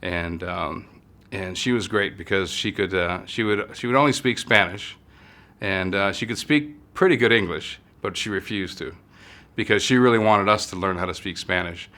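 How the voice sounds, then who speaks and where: A man from the United States with a low voice and a bright, forceful edge. As an interview guest he tells stories in a relaxed, halting way, often stopping to restart a sentence or fill the gap. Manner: halting, many fillers and restarts. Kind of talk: casual storytelling conversation.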